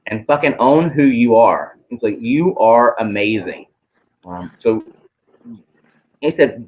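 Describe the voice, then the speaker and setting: A man's voice: mid-range voice, lively intonation, slow, pauses often, lo-fi sound. A man channeling messages in a casual, hesitant way, with many ums and some casual swearing.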